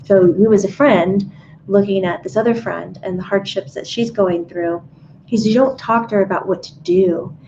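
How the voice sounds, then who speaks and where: A woman co-hosting a livestream, giving calm and earnest spiritual advice in a casual talk. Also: mid-range voice, normal speed. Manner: calm, earnest, relays guidance. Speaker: co-host. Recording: dull lo-fi audio with faint room noise.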